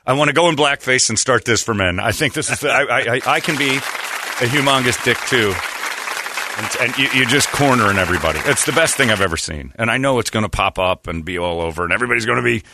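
A man's voice: medium pitch, fast, creaky, crowd noise, noisy background. A man hosting a casual comedy podcast, talking in a crude, mocking way and laughing often.

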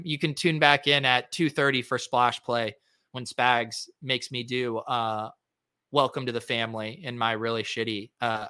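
A man's voice: mid-range voice, smooth, dry recording, clean studio sound. A man hosting a fantasy sports podcast, talking casually through lineups with lots of ums and uhs as he thinks aloud. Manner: relaxed, filler-heavy, thinking aloud. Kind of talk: casual solo lineup review.

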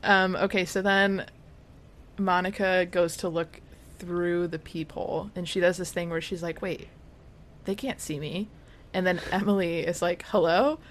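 A podcast co-host with a lowish voice speaks at a moderate pace in a level tone. She casually retells scenes in a chatty recap, acting out the characters' lines.

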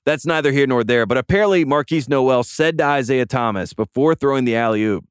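A man hosting a casual sports podcast in a studio, rambling and enthusiastic, often repeating words as he goes. His voice is smooth and resonant, with a dry, close sound and a mid pitch. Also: fairly quick, no room sound. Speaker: podcast host.

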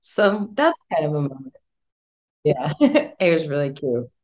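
A woman singer-songwriter talking casually as an interview guest, chatty and expressive, laughing often. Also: low voice, measured pace.

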